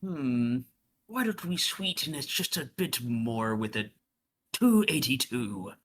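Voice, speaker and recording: A man's voice: medium pitch, big pitch swings, slow pace, fairly bright tone. A man playing his character in a tabletop game, haggling in a casual drawl. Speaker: player.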